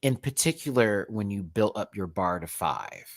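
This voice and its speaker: A woman's voice: very deep voice, animated, moderate pace, no room sound. A woman hosting a live recap show, ranting casually and expressively, laughing often and swearing freely.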